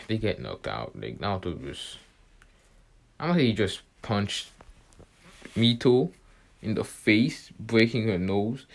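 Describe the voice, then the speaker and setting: A man's voice: deep voice, vocal fry, darkish tone. A young man casually retelling a fan story, rambling with lots of fillers and correcting himself as he goes.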